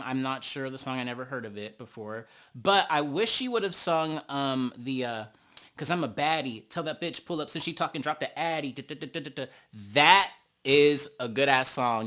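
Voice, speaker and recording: A man recapping a reality TV episode in a casual, sassy way, acting out the cast members' lines. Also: medium pitch. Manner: sassy, animated, quoting cast members in exaggerated voices.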